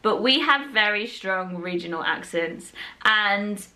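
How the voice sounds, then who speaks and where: An English woman with a softened London accent giving friendly, chatty travel advice in a vlog. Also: mid-range voice, animated, measured pace. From England. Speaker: travel vlogger.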